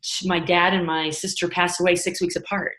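A woman with a somewhat low voice talks as a guest in an interview. She is earnest and emphatic as a motivational speaker. She lifts into animated quoted self-talk when she makes a point. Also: a little fast. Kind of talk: conversational interview.

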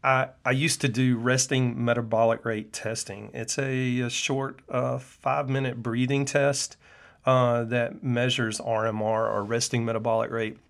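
Hosting his own podcast, this middle-aged man, a functional medicine clinician, gives a preachy, earnest personal monologue peppered with "uh." His mid-range voice carries vocal fry, and he speaks in a level tone, a little slowly.

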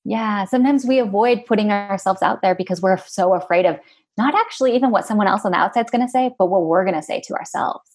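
A woman's voice: medium pitch, quick pace, a little mellow. A woman guest in an interview, talking in a reflective, casual way with many fillers.

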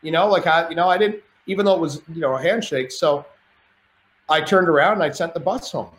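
A man's voice: fairly high pitch, fairly quick, fairly bright tone. A man telling stories as a podcast guest in a casual, rambling way, restarting his sentences often. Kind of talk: casual storytelling. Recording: roomy with faint noise.

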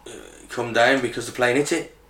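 A man's voice: medium pitch, steady tone, a little fast, roomy sound, crowd noise. A man co-hosting a podcast in casual chat, easygoing and trusting. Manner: easygoing, trusting, says "innit". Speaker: podcast co-host.

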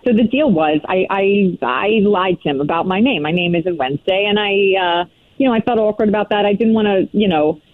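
A woman's voice: medium pitch, a little fast, no echo. Brash woman, put-on New York accent. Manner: brash, breezy, full of fillers. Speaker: caller. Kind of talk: phone-in radio chat. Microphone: phone. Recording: tinny phone line.

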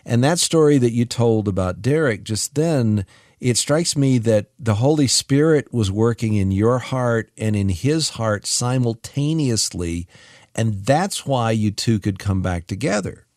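A man co-hosting a radio talk show, speaking in a calm, thoughtful way. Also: mid-range voice, unhurried, no room sound, studio quality.

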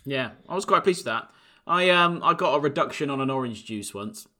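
A man co-hosting a podcast in casual chat, chiming in with quick teasing remarks. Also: mid-range voice, lively intonation, pushed and bright. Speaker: podcast co-host.

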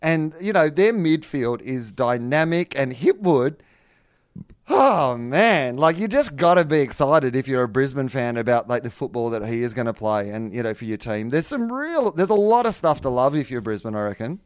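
A man's voice: medium pitch, expressive, normal speed, clear, resonant tone, dry recording, clean studio sound. An Australian man co-hosting a sports podcast, chatting casually with lots of fillers and some swearing. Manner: loose, swearing, frequent fillers. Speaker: podcast co-host.

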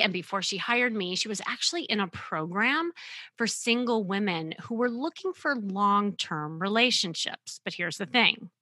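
A middle-aged woman hosting a podcast, telling a client story as an animated, emphatic storyteller. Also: mid-range voice, no room sound. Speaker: podcast host and dating coach.

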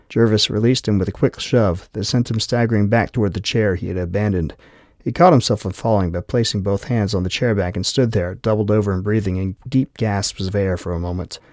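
A man narrating an audiobook in steady scripted narration. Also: fairly low pitch, dry recording, studio quality.

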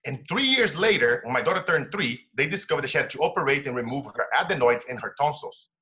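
A middle-aged man sharing a personal story as an interview guest, emotional and dropping to a hush for quoted words. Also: medium pitch, lively intonation, fast. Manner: emotional, drops to a hushed voice when quoting his wife.

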